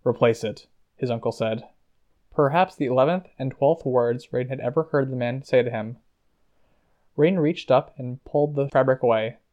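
List: man, audiobook narration, measured, mid pitch, dull lo-fi audio. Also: dark tone. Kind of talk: scripted narration.

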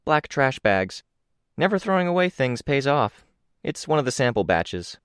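A man reading an audiobook, voicing a brisk, cheerful and bossy young woman hero in a quick, upbeat, matter-of-fact way. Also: medium pitch, very animated, fairly bright tone, clean tone, no echo, studio quality, voice pushed up. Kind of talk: audiobook character voice.

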